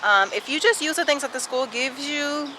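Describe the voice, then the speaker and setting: A woman's voice: sits high, normal speed, noisy background. A young woman in her twenties, a teacher answering viewer questions in a casual vlog, chatty and sassy, out of breath as she walks and talks outdoors with a handheld camera. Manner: chatty, sassy, addresses viewers as sis and y'all. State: out of breath while walking. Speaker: kindergarten teacher and vlogger. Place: outdoors, walking.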